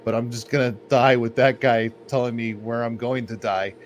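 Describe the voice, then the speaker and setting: A man's voice: mid-range voice, fairly even intonation, moderate pace. A man co-hosting a podcast, telling stories in a laid-back, rambling way full of "like". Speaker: podcast co-host. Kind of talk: casual podcast chat. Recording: faint background noise.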